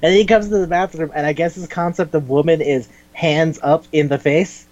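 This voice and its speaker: A man chatting casually on a podcast, retelling scenes with swearing and quick impressions of the characters. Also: on the high side, lo-fi sound. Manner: animated retelling with acted quotes, swears and laughs. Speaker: podcast host. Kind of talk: casual chat recapping an anime.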